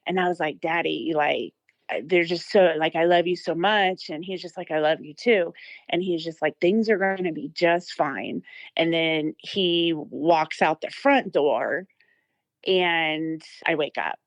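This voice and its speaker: A woman's voice: low-pitched, a little slow, no room sound, lo-fi sound. A woman in her thirties telling an emotional personal story as an interview guest, with many fillers and restarts.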